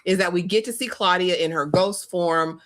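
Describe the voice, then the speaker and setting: A woman's voice: fairly low pitch, moderate pace. A woman co-hosting a casual chat about a TV episode, emphatic and repetitive as she rants. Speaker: podcast co-host.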